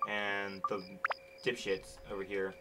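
Speaking slowly with a completely flat delivery, a man with a lowish voice hosts his gaming channel, giving casual play-by-play, grumbling impatiently and cursing often. The audio is poor, and video game music plays underneath.

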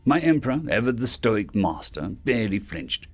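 A male narrator reads a science fiction tale in a polished, scripted way. His pitch rises and falls with a lively swing, and he slips into the characters' lines as they speak. A faint bed of music runs under his voice. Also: moderate pace.

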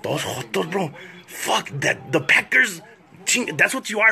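A man ranting profanely as a comedian, switching fast between English and Spanish. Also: high voice, animated, creaky, sharp tone. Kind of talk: comedic rant to camera.

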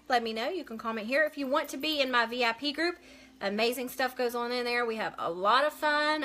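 A woman's voice: fairly high pitch, bright, forceful tone. A woman hosting a casual live makeup stream, chatting as she works and answering viewer comments aloud.

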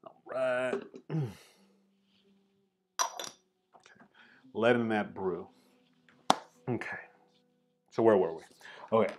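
A man's voice: lowish voice, extremely slow, long pauses, noisy background. A man hosting a casual chat over tea, filling his talk with "like" and "right?". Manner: chatty, fills with "like" and "right?". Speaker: host.

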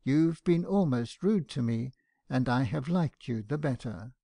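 A distressed young woman, earnest and close to tears, as a male reader puts her on. The voice is gravelly, only lightly lifted in pitch, and recorded dry and close, with no room around it. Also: expressive, a little slow, mellow, no room sound. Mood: tearful. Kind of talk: audiobook character reading.

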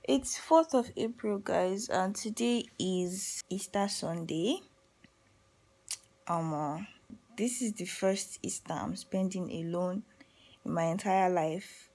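A young Nigerian woman with a Nigerian accent chatting in a casual vlog at home, drifting from sleepy mumbles to excited outbursts. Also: on the low side, takes it slowly. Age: young adult. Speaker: vlogger. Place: at home, indoors.

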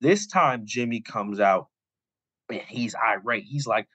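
A man's voice: lowish voice, normal speed, a bit bright, slightly rough, no room sound, highs cut off. A young adult man co-hosting a podcast, recapping a story in casual, rambling talk full of "like" fillers. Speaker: podcast co-host.

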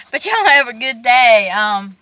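A talkative woman, speaking casually to her camera as she tells an exasperated story. Her voice is bright and forceful. The sound is dry and close. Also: a little high, no echo. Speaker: vlogger.

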